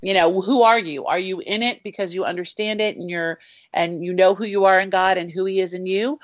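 A woman's voice: mid-range voice, fairly even intonation, a little fast. A middle-aged woman talking as a guest author about her faith, earnest and heartfelt, often saying "you know". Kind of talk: faith conversation. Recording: dry, slightly dull sound.

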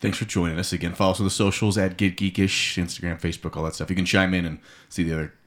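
A man's voice: deep voice, little pitch movement, very fast. A man hosting a podcast in casual chat, upbeat and wry. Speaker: podcast host.

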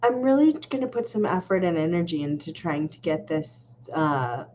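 A woman with a fairly low voice co-hosts a podcast in relaxed, easygoing chat. Her audio comes through dull and lo-fi, with faint noise behind it. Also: moderate pace. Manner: easygoing, laughs often. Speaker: podcast co-host. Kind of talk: casual chat. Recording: muffled lo-fi call with faint noise.

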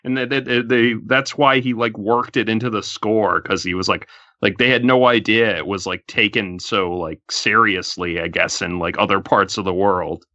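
A man co-hosting a podcast, talking through a film in an animated, casual way with lots of filler words. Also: fairly low pitch, normal speed, no echo, highs cut off. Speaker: podcast co-host.

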